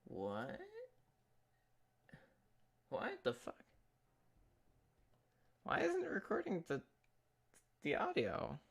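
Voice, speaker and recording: A woman's voice: lowish voice, wildly swooping pitch, extremely slow, gravelly, pauses often, husky. A woman streaming a video game, chatting casually, swearing often and breaking off her own sentences. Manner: swears a lot, rambling and self-interrupting. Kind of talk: casual gameplay commentary.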